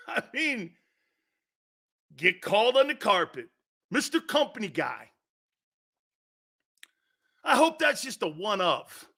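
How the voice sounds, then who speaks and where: A middle-aged sports talk host in full rant, his voice pitched high and edged with a bright, sharp tone. He is blunt and profane, and he hammers the same point again and again. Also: very animated, takes it slowly, gravelly, long pauses, slightly rough.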